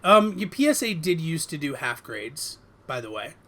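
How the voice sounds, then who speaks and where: A man's voice: fairly high pitch, big pitch swings, moderate pace, pushed and bright, slight background noise. A man co-hosting a casual hobby podcast, chatting with friends, laughing often and restarting his sentences. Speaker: podcast co-host. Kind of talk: casual chat.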